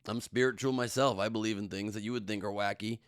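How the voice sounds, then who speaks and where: A man's voice: lowish voice, steady tone, fast talker, clean tone, dry recording, clean studio sound. A middle-aged man hosting a solo comedy news podcast, rambling through jokes and self-mocking asides. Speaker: podcast host.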